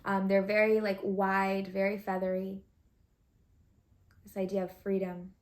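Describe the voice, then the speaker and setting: Woman, tarot reader, casual chat to camera, reflective, medium pitch. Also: monotone, unhurried, a little mellow. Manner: chatty, reflective, thinking aloud with fillers.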